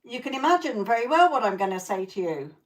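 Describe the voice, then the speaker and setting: A woman's voice: on the high side, very animated, fast. A woman hosting a live tarot stream who chats with viewers in a blunt, profane way, laughs often, and keeps checking in with "okay?". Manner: coaching, repeats "okay?" to check in.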